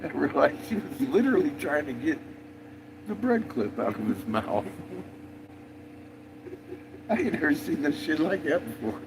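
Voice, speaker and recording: A man's voice: fairly high pitch, big pitch swings, normal speed, vocal fry, long pauses, noisy background. A man chatting casually on a road-trip vlog, laid-back, swearing freely and laughing often. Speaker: vlogger traveling with dogs. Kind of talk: casual chat.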